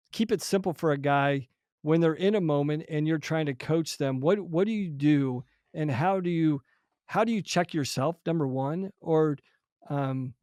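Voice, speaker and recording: Smooth-voiced man asking winding questions. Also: a little high, darkish tone, dry recording, clean studio sound. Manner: reflective, hesitant, long winding questions. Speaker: podcast host. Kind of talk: casual podcast conversation.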